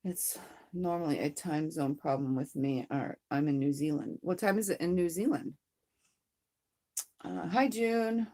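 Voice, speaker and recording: A hoarse woman chatting casually on a livestream from her sewing room, rambling and greeting viewers as she reads out their comments. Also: deep voice, measured pace, mellow. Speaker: live streamer.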